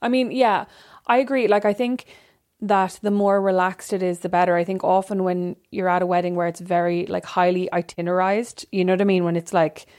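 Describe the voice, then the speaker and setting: A woman, co-hosting a podcast in casual chat and telling stories in a lively way, often acting out what people said. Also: lowish voice, a little fast. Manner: chatty, animated storytelling with quoted asides. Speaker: podcast co-host.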